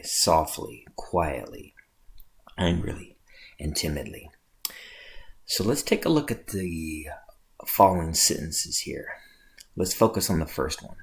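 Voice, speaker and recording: A man teaching English composition in a recorded lecture, explaining patiently and often checking in with "right?". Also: deep voice.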